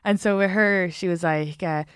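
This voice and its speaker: A woman's voice: fairly low pitch, moderate pace, clear, resonant tone, dry recording, studio quality. An Irish woman, a comedian, chatting casually as a podcast guest and acting out other people's lines as she tells stories. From Ireland. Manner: animated storyteller who acts out other people's lines. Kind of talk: casual chat.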